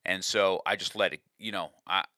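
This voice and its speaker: A man's voice: sits low, steady tone, normal speed, bright, forceful tone, dry recording, studio quality. A man telling a personal story with a life lesson, earnest and confessional, often restarting his sentences.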